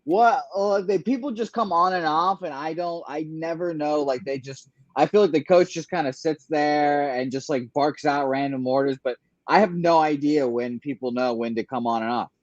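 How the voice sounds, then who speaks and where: A man giving a casual movie review as a guest, rambling and halting with lots of ums and uhs. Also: on the high side, dry recording. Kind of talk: casual chat. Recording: dry, dull lo-fi remote line.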